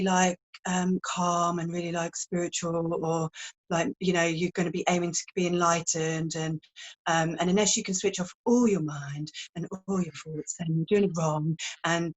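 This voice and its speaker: A woman's voice: fairly low pitch, rough recording. Frank, chatty woman explaining meditation. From fishing village. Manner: frank and chatty, swears, uses playful images. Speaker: meditation teacher and wellbeing guest. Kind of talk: casual podcast chat.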